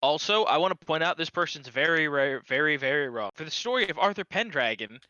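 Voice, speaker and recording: A man's voice: a little high, lively intonation, bright, forceful tone, no echo, muffled recording. A man adding side notes and corrections while commenting on fanfiction with friends. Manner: quick to correct and point things out. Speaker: co-host reading fanfiction. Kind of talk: comedic commentary chat.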